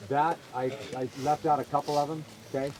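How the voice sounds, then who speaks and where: A man coaching baseball infielders on a field, calling out short, energetic drill cues and explaining technique. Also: a little high, fairly quick, very noisy.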